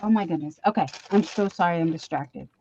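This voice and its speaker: A woman's voice: fairly low pitch, brisk, dark tone, dull audio, a little hiss or hum. A middle-aged woman hosting a casual live-stream chat from home, chatty and easily sidetracked, often poking fun at herself. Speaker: livestream host. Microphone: computer mic for a live stream.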